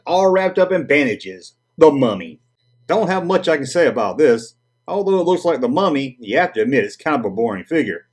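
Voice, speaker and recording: A man's voice: mid-range voice, a little mellow, slightly rough. A man with a Southern US accent hosting a casual vintage toy review, chatty and full of corny jokes. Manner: jokey, corny puns, chatty.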